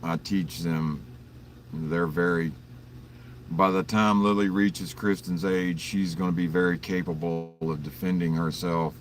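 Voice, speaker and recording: A man's voice: low voice, little pitch movement, unhurried, far from the mic, a little hiss or hum. A man casually chatting to viewers on an early-morning livestream, telling rambling, profane stories and greeting people in the chat by name. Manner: rambling, profane storytelling with frequent chuckles. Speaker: livestream host.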